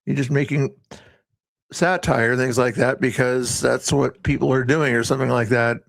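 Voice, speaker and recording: A man's voice: medium pitch, steady tone, normal speed, creaky, no echo. A man hosting a casual livestream, rambling and often breaking off mid-sentence. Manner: rambling, self-interrupting. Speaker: livestream host.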